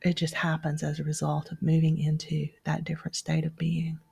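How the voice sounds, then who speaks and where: A woman podcast co-host and meditation guide who speaks in a calm, reflective and soft-spoken way. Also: deep voice, fairly quick, vocal fry, slightly rough. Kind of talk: reflective conversation.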